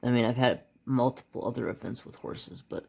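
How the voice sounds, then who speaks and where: A man's voice: medium pitch, fairly quick, vocal fry, husky. Guy coloring and rambling about growing up, mumbles over his colors then gets all worked up telling the story. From United States. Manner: rambling, animated when telling the story, muttering while picking colors. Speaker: craft channel host. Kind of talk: casual storytelling while coloring.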